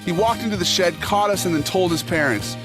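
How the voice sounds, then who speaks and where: Man, livestream host, casual profane banter, reads posts aloud, slightly high voice, loud instrumental music behind. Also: fairly quick. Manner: profane, jokey, talks back to chat. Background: instrumental music playing under the talk.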